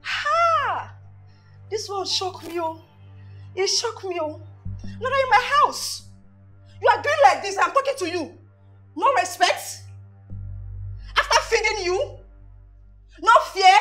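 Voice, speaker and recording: An actress playing a loud, boastful young woman who mocks and shouts at her broke friend, with a Nigerian accent. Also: very high-pitched, lively intonation, takes it slowly, pauses often, faint music behind, heavily acted. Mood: outraged. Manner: shouting, mocking, laughing scornfully. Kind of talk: Nollywood film acting.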